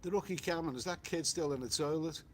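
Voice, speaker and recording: A man's voice: on the high side, fast talker, a little hiss or hum. A man with a Liverpool accent hosting a travel live stream, reading viewer comments aloud in a loose, rambling way with many restarts and fillers. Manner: rambling, frequent restarts and "you know" fillers.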